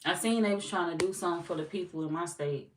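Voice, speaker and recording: A young woman hosting a tarot livestream, reading viewer comments aloud and chatting in a relaxed, teasing way with lots of slang and laughter. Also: lowish voice, quick pace, far from the mic. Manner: laid-back, teasing, laughs often, slangy. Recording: roomy echo, off-mic, faint noise.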